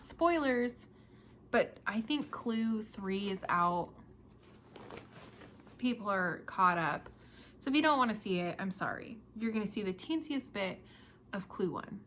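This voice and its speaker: A woman's voice: medium pitch, a bit bright, slight background noise. A young woman hosting a casual podcast, chatting about her projects in a chatty, self-deprecating way and laughing often. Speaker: podcast host.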